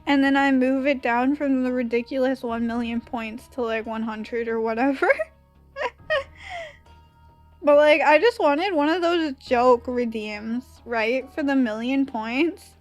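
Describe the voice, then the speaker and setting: A woman's voice: high voice, a little slow, faint music behind. A young woman with a Valley girl accent, chatting casually on stream while drawing, giggly and full of "like" fillers.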